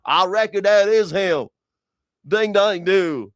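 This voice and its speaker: A man voicing a slow-talking Southern cop with a Mississippi accent. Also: sits high, no room sound, clean studio sound, voice pushed up. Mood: drawling.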